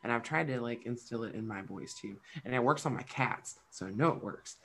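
With an extremely low, slightly bright voice and a fairly quick pace, this thirtysomething woman co-hosts a laid-back podcast. She acts out voices and curses liberally while recounting comic tales about her children.

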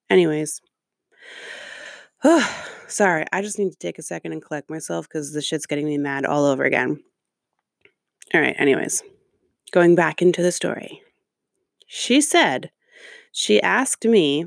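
A woman's voice: lowish voice, normal speed, no echo. Woman reading out a review then cussing about it, super sarcastic, dry sound. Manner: sarcastic, profane, exasperated asides. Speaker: commentator reacting to a review. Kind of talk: reading aloud and ranting commentary.

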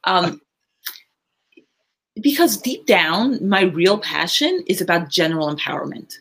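Woman guest with a Brooklyn accent, husky voice, earnest and deliberate. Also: fairly low pitch, very animated, a bit bright. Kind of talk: interview answers. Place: at her office.

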